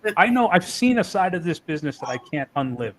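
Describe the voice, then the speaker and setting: Guy getting fired up telling wrestling stories, swears a lot, kinda high voice. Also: big pitch swings, fast, low-quality recording. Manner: heated storyteller, swears freely. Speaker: interview guest. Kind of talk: casual interview.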